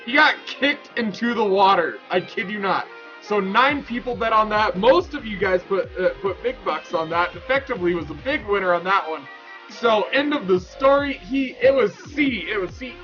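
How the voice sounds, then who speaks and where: A man in his thirties telling a story to his Twitch chat, rambling and excitable with lots of restarts. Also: high voice, normal speed, lo-fi sound, soft background music. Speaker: Twitch streamer. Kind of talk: casual storytelling to stream chat.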